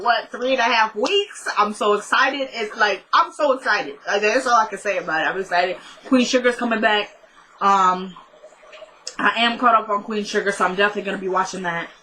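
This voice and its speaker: A young woman recapping a TV episode in a casual vlog, chatty and excitable, rambling with lots of "like"s. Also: medium pitch, brisk. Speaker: TV show reviewer.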